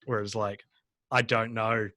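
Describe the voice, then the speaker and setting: A man's voice: on the low side, flat delivery, unhurried, sharp tone, no echo. A man from New Zealand with a New Zealand accent, hosting a casual film podcast over a video call, rambling and laughing often. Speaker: podcast host.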